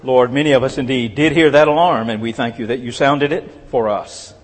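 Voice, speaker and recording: Husky guy preaching, earnest n measured, lines trail off soft, big echoey church hall. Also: medium pitch. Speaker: pastor. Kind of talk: sermon. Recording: long reverb of a large hall.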